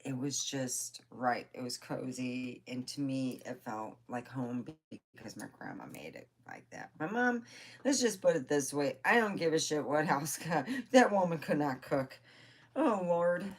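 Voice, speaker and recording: A woman's voice: deep voice, sing-song, a little slow. A woman telling rambling family stories in a casual vlog, laughing often and swearing now and then. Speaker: vlogger. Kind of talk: casual storytelling.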